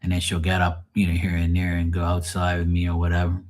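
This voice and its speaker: A man's voice: sits low, completely flat delivery, fast talker, darkish tone. A middle-aged man talking casually and frankly to his live viewers, grieving, rambling and swearing freely. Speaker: livestream host.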